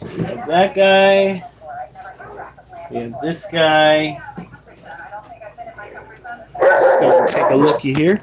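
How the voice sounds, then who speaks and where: A man's voice: fairly high pitch, slow pace, pauses often, noisy background. A man chatting on a casual live stream while caring for his pets, joking, swearing and scolding his dogs. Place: at home with animals.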